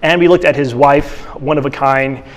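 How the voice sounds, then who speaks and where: A man's voice: mid-range voice, moderate pace, in a large hall. A man teaching a church class in a casual, conversational way, often restarting his sentences. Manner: conversational, with frequent restarts and fillers.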